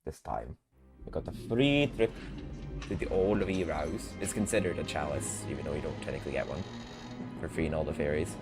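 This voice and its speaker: A man's voice: extremely low pitch, brisk. A man streaming casual gameplay commentary, chatty, laughing often and swearing. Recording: game music underneath.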